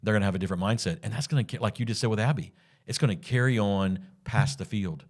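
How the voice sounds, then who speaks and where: Encouraging low-voiced podcast host. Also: male voice. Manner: encouraging, quick affirmations. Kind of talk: casual interview.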